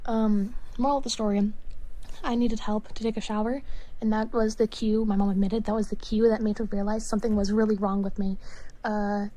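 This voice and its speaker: A woman's voice: medium pitch, flat delivery, brisk, warm tone, poor audio. A young woman telling a personal story on a stream, hesitant and full of fillers. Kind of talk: casual storytelling.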